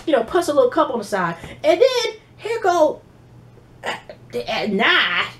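Animated, profane woman recapping reality TV. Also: high voice, a little slow, slight background noise. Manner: animated, profane, mimics people she quotes. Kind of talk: casual episode recap.

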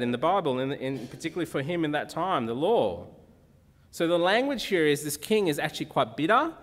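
A man's voice: fairly high pitch, fairly bright tone. Man preaching in a reverberant church. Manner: conversational, asks the congregation questions. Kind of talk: sermon. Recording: long reverb of a church hall.

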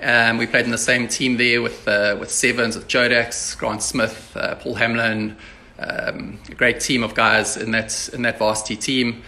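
A man's voice: mid-range voice, level tone, unhurried, bright, forceful tone. A man hosting a casual interview over a video call, chatty and teasing in his banter. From South Africa. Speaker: host.

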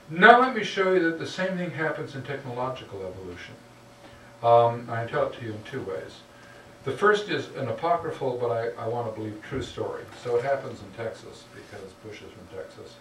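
A man giving a public lecture in a lecture hall, putting questions to the audience with a wry manner. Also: mid-range voice. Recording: roomy hall from a distance, faint hum.

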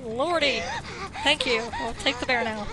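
Lady gamer narrating her playthrough, slow and high, yells at the screen. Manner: animated, exclaims and scolds the game. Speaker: let's play host. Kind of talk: casual game commentary. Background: game music.

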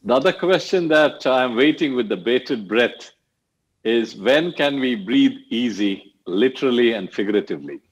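A man at a middle pitch moderates a panel discussion over a video call. He talks earnestly and hesitates often. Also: animated, moderate pace, slightly rough, low-quality recording. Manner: earnest, with many fillers. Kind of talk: online panel talk.

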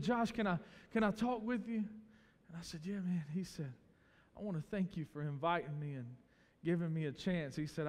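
Man, pastor, high voice, chatty storytelling sermon, long church-hall reverb. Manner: storytelling, conversational, quotes others in acted voices. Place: church sanctuary.

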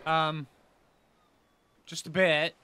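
A man giving casual commentary over his own gameplay, excitable and joking at himself, chatting to the creatures he meets. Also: a little high, drawn-out words, a little hiss or hum. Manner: excitable, talks to the creatures, self-mocking asides. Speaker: gaming video host.

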